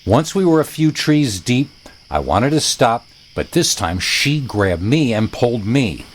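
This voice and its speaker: A man's voice: medium pitch, sing-song, measured pace, a little hiss or hum. Man narrating a horror story with dry humor. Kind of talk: scripted narration.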